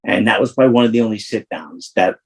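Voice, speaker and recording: A man's voice: fairly low pitch, fast, creaky, a little mellow, slightly rough, poor audio. A man, an interview guest telling rambling, profane street stories full of restarts. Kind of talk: casual storytelling.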